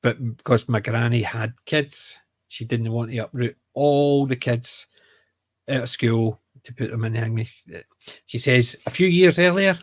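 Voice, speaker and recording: A man's voice: medium pitch, dry recording. A Scottish man with a Glaswegian accent, co-hosting a casual chat, rambling and joking as he restarts his sentences. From Scotland. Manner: rambling, self-correcting, joking. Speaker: podcast co-host.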